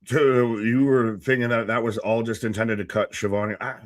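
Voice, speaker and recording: A man's voice: medium pitch, level tone, moderate pace, no room sound, clean studio sound. A man co-hosting a live wrestling reaction stream, chatting casually, joking and arguing his points. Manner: playful, argues points and jokes along.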